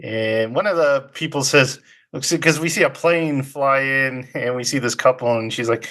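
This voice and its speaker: A man's voice: mid-range voice, moderate pace, a bit bright. A man co-hosting a podcast, casually recapping a film in a loose, chatty way and laughing often. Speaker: podcast co-host.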